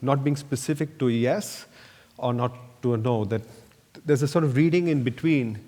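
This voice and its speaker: A man's voice: medium pitch, moderate pace, dark tone. A man, an architect giving a slide lecture, telling loose anecdotes full of "you know" fillers. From India. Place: lecture hall. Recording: echoey lecture hall reverb.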